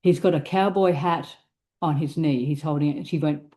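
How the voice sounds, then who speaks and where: A woman co-hosting a tarot podcast, telling a story in a casual, animated way, laughing and acting out what people said. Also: sits low, normal speed. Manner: animated, laughing, acts out quoted speech. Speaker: tarot reader and podcast co-host.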